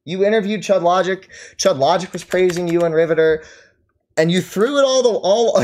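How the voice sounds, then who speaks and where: Answering his live stream chat, a man with a high-sitting, expressive, darkish voice rants at normal speed. He laughs at his target while mocking and taunting them.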